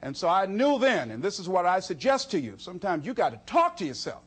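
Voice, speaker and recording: Talking fast in a husky, high-pitched voice, a man gives an energetic motivational speech built on animated stories. He laughs frequently and plays out conversations with himself in quoted lines.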